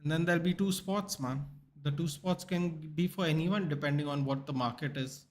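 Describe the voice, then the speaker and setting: Male watchalong host, a bit high-pitched, casual and rambling, tired and yawning. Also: normal speed. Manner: casual, rambling, answers viewer questions. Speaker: sports channel host. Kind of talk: live match watchalong commentary and chat replies.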